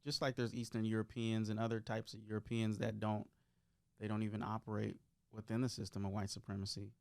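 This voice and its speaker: A man giving measured, reflective explanations in a casual podcast discussion. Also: lowish voice, monotone, vocal fry.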